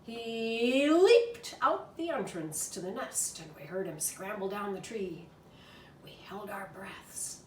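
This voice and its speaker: Slow, expressive woman reading a storybook. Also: mid-range voice, far from the mic, slight background noise. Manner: expressive, animated. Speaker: reader. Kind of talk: children's storybook narration. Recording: echoey room from afar.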